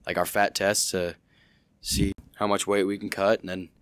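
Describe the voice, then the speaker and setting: A man's voice: sits low, flat delivery, normal speed, fairly bright tone, no room sound. A teenage boy chatting casually as a podcast guest, rambling with lots of "you know". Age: teens. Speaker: guest, wrestler and football player. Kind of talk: casual chat.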